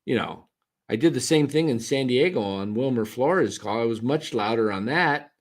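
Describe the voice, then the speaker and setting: A man's voice: medium pitch, lively intonation, normal speed. A man co-hosting a casual postgame talk stream, rambling and restarting his sentences often. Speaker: podcast co-host. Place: attended the game in a ballpark, now talking on a stream.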